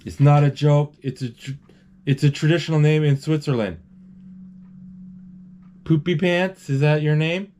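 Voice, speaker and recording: A man's voice: on the high side, unhurried, long pauses, dark tone, slight background noise. A man narrating a cartoon film live in a casual, rambling way, restarting words and reading out characters' lines. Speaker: movie describer.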